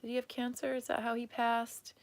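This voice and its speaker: A woman psychic medium giving a live reading, speaking in a halting, emotional way with many restarts, at times tearful. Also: fairly high pitch, completely flat delivery.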